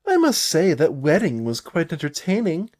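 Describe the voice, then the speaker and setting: A man's voice: on the high side, wildly swooping pitch, normal speed, darkish tone, pitched above the performer's own voice. A man voicing Zashu, a flirty fey bard woman.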